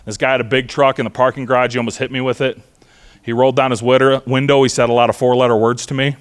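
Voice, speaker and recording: A man's voice: mid-range voice, fast talker, smooth. Male speaker, middle-aged, punchy talk to a parent audience, repeats catchphrases. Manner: energetic, conversational, with repeated mantras. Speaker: speaker on trauma-informed care. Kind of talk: presentation to parents. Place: school auditorium.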